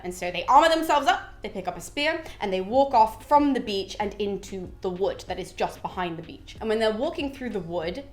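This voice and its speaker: A woman casually retelling a classic epic for viewers, joking and slipping into quick character voices. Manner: chatty, jokey, acts out characters' lines with raised pitch. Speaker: literature summary vlogger.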